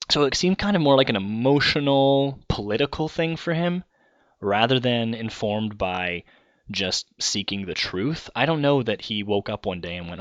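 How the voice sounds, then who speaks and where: Here a podcast host from Canada rambles casually through his thoughts, self-correcting mid-sentence as he goes. The lowish voice has lively intonation, a bit of brightness and a moderate pace, captured in a dry, lo-fi recording.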